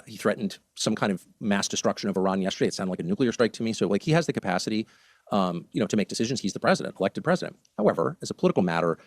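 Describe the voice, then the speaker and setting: Impassioned American man, fast and lively. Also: lowish voice, no echo, studio quality. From United States. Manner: emphatic, impassioned, heartfelt. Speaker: interview guest. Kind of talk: political interview.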